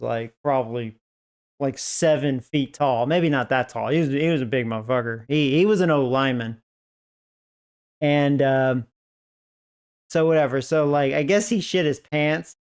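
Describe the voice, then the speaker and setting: Streamer guy telling a story, swears a lot, says like constantly, laughs, slow smooth voice. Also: medium pitch, darkish tone. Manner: profane, rambling, full of "like" fillers; breaks into laughter. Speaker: game streamer. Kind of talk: casual storytelling chat.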